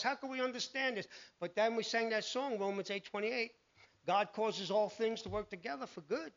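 A man preaching a sermon, animated, telling Bible stories and acting out the voices in them. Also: sits high. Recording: dull lo-fi recording.

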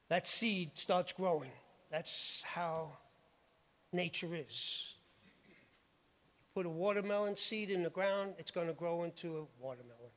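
A man's voice: high-pitched, a bit bright. A man preaching a sermon in a conversational, emphatic way, often quoting scripture. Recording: muffled lo-fi recording.

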